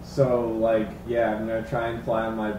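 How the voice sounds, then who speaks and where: A man's voice: fairly low pitch, monotone, moderate pace, lo-fi sound. A man playing a tabletop game, asking hesitant questions. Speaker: player. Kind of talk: casual tabletop game chat. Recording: roomy, distant, noisy.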